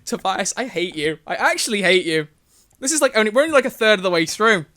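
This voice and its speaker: A man's voice: sits high, expressive, fast talker, bright, forceful tone. A man streaming live, reading fan fiction aloud with amused, self-mocking commentary. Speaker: livestreamer.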